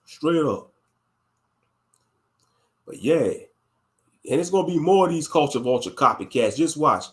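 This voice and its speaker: A high-voiced man rants bluntly into his channel's commentary. He talks heatedly and keeps coming back to catchphrases. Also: lively intonation, a little slow. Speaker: YouTube commentator. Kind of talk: ranting commentary.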